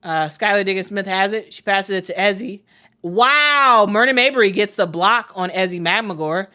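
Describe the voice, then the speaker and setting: Woman, fan-channel play-by-play caller; bright, chatty, excitable, talks to viewers. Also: medium pitch, fairly quick. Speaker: play-by-play commentator. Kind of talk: casual live play-by-play stream.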